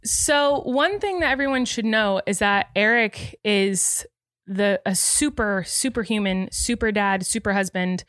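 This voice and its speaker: A podcast host in her thirties speaks unhurriedly in a medium-pitched, fairly bright voice from an indoor studio. Her casual chat is earnest and rambling with frequent restarts, and she sounds teary and emotional. The recording is studio quality, free of echo.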